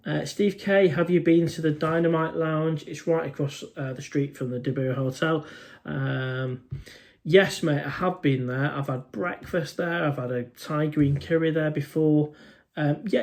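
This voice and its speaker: A man's voice: a little high, darkish tone. An English man hosting a casual live stream, chatting informally and reading out viewer comments. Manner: chatty, informal, says "mate" often.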